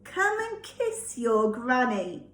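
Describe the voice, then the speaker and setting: A woman voicing a sly, hungry male wolf from a storybook, drawing out his words slowly. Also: fairly high pitch, sing-song, a bit bright, exaggerated voice. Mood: sly, coaxing. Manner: slow, drawn-out wheedling delivery. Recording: echoey room.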